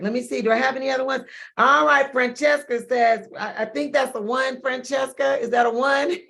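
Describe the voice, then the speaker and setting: Female host, slightly high voice, encouraging and chatty, runs a live support group, reads chat comments with laughs and loud emphasis. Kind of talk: live-streamed group wellness check-in.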